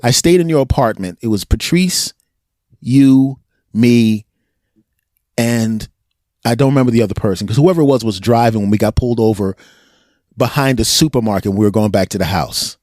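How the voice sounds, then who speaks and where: A man's voice: mid-range voice, moderate pace, no room sound, studio quality. An American man hosting a podcast, telling stories in casual chat, acting out quotes and laughing often. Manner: animated storyteller, acts out quotes, laughs often. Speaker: podcast host.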